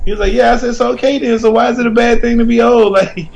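A man co-hosting a podcast, telling animated, rambling stories full of slang and restarts. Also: very high voice, quick pace, gravelly, highs cut off. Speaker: podcast co-host. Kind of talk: casual chat, storytelling.

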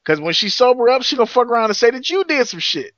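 A man's voice: very high-pitched, sing-song, fast, a bit bright, no room sound. A man co-hosting a podcast, giving blunt, emphatic opinions in casual chat. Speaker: podcast co-host. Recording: dull dry lo-fi audio.

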